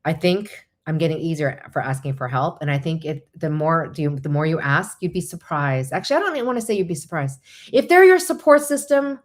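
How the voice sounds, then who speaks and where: A woman vlogger giving casual, encouraging and practical advice, chatty with quick asides. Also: sits low, animated. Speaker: vlogger host.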